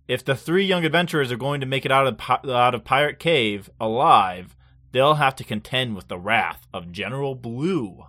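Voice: mid-range voice, animated, moderate pace, bright, forceful tone. A podcast host in casual chat, rambling and laid-back with plenty of fillers.

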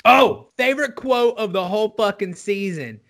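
Male podcast co-host, high voice, excitable, profane, casual. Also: creaky. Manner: excitable, swears freely, fast bursts. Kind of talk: casual chat.

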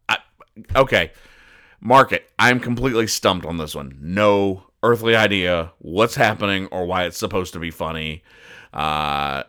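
Guy rambling through comic strips on a podcast, low voice but bright and crisp. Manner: rambling, stops and restarts, puzzled asides. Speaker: podcast host. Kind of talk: casual comedic comic-strip commentary.

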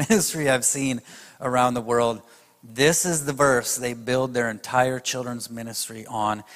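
A man's voice: mid-range voice, fairly bright tone. Emphatic man preaching in an echoing hall. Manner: emphatic, addresses the audience directly. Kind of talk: sermon.

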